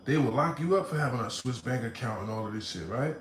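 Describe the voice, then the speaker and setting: A man hosting a casual livestream, reading out comments and telling a story in animated, slangy talk with laughs. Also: mid-range voice, fast, roomy sound, slight background noise, poor audio. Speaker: livestream host. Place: home room.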